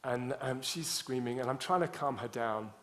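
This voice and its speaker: A man's voice: medium pitch, moderate pace, fairly bright tone. A man telling a personal story in the middle of a sermon, talking in a conversational way with many restarts. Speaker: preacher.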